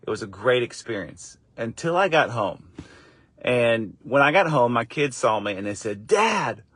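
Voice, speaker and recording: Animated storytelling dad, dry sound. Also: male voice, moderate pace, no echo. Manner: animated, acts out quoted voices with high pitch jumps; encouraging, faith-based wrap-up. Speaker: father and faith vlogger. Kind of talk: casual storytelling to camera.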